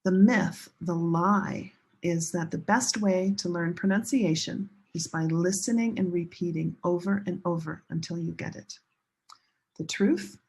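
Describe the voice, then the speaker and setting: A woman teaching a pronunciation lesson, leading learners through slow chanted drills. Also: fairly low pitch, gravelly, darkish tone, slightly rough. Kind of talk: classroom lesson.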